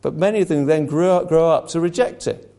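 A man's voice: on the high side, a little fast, mellow. A man preaching a sermon, impassioned and rhetorical, slipping into mocking asides.

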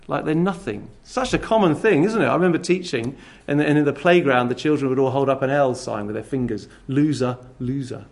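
Gravelly, animated man preaching a sermon. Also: mid-range voice. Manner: expressive, swings between loud emphasis and near-whispered asides; acts out scornful attitudes in quoted voices.

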